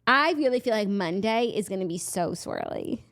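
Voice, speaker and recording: A young woman co-hosting a podcast, speaking softly with dry humor while a bit under the weather. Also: medium pitch, expressive, moderate pace. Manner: soft-spoken, dry humor. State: slightly ill. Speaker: podcast co-host. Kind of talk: casual chat.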